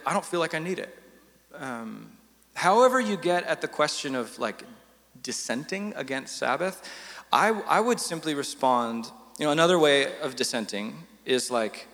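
A man leading a church panel discussion in a relaxed, conversational way, stumbling over and repeating words as he thinks aloud. His voice sits a touch high. A long reverb of a large hall trails after him.

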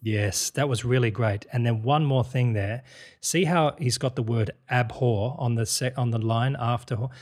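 Speaking at a normal speed in a medium-pitched voice, a man coaches an actor through a speech by Shakespeare. He breaks down the rhythm and the word choices, staying analytical and encouraging while restarting many times.

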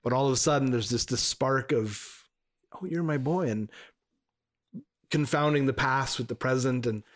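A man's voice: mid-range voice, fairly even intonation, normal speed. A man co-hosting a podcast, telling a story in a rambling way with many restarts. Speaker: podcast co-host. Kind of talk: casual chat.

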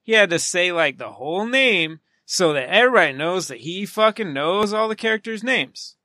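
Bright, higher-voiced sarcastic man. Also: expressive, moderate pace, dry recording, studio quality. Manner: sarcastic, mock-arrogant joking. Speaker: podcast co-host. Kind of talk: casual banter about a film.

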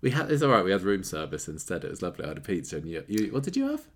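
A woman's voice: very deep voice, racing. A woman co-hosting a podcast, chatting casually and playfully with frequent laughter. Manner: giggly, playful, lively. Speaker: podcast co-host. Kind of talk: casual chat. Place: hotel room. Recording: slightly echoey room.

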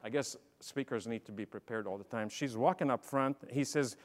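A middle-aged man giving a motivational leadership talk, telling stories and swinging from quiet asides to loud, emphatic bursts. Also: medium pitch, a little fast. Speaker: speaker. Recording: long hall reverb.

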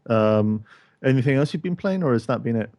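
A man's voice: medium pitch, lively intonation, fairly quick, a little mellow, no echo. A man from Scotland hosting a casual gaming chat, hesitant with many ums, asking the others what they played. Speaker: podcast host.

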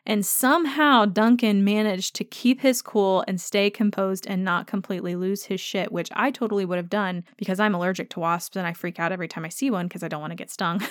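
A woman's voice: medium pitch, no room sound, studio quality. A woman hosting a fan podcast, gushing with enthusiasm as she talks through a favorite episode in casual chat. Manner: gushing and enthusiastic, speeding up in rushes. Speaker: podcast host.

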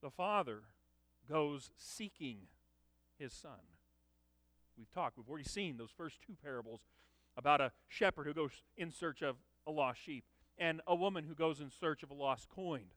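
A man's voice: a little high, expressive, normal speed, dry recording. Emphatic male pastor preaching. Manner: emphatic, rises to loud dramatic peaks. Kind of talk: sermon.

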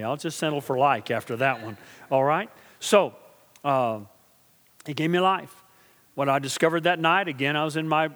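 A middle-aged male pastor preaching a sermon, asking his congregation questions and swinging from quiet, slow intensity to loud, emphatic build-ups. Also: a little high, long reverb tail. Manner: preaching with call-and-response asides to the congregation.

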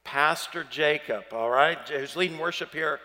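A man's voice: fairly high pitch, normal speed, sharp tone, in a large hall. A man with a Southern accent preaching a sermon as pastor, chatty and playful, quizzing the congregation.

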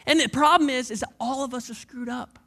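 A man in his thirties preaching a sermon as a pastor, passionate and repetitive, dropping from loud emphasis to hushed near-whispers. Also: very high-pitched, brisk.

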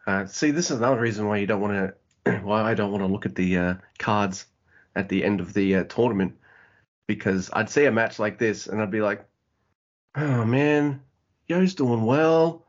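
A man co-hosting a casual wrestling podcast, excitable and sweary, acting out wrestlers' lines as he recaps. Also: lowish voice, brisk. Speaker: podcast co-host. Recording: dull lo-fi audio.

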